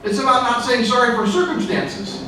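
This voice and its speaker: With an extremely high, sharp-toned voice at normal speed, a man performs customers and brokers during a jokey motivational speech to a real estate crowd. He's in a big event hall with a live audience, recorded from a distance in a noisy, echoing space.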